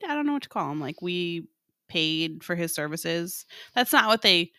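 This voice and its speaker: A woman's voice: on the low side, sing-song, normal speed, pushed and bright, no room sound, studio quality. A young woman co-hosting a podcast as a hair stylist, chatting casually, laughing often and drifting into tangents. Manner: giggly, rambling, trails off into tangents. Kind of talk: casual chat.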